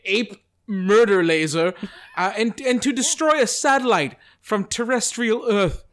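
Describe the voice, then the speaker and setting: A man's voice: sits high, lively intonation, unhurried, a bit bright. A man guest co-hosting a podcast, chatting casually with wry jokes and hesitant fillers. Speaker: guest co-host. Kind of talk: casual chat.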